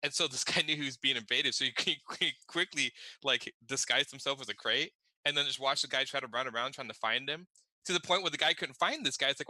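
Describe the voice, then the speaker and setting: A man with a very bright, forward voice chats casually on a podcast, telling gaming anecdotes and laughing along as he goes. The sound is dry and close, with no room around it. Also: medium pitch, a little fast, dry recording, poor audio. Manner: storytelling, laughs at own stories. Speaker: podcast co-host. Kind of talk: casual chat.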